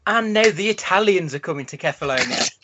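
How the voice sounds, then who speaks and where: A man's voice: high voice, animated, fairly quick, background noise. A man co-hosting a podcast, riffing on a film with wry, sarcastic remarks. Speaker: podcast co-host. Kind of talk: casual film-review chat. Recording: dull lo-fi podcast audio.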